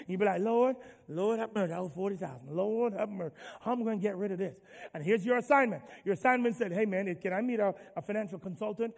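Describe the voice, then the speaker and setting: Pastor, male, high gravelly voice, call-and-response sermon in a reverberant hall. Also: quick pace. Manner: call-and-response preaching, swinging from soft to loud.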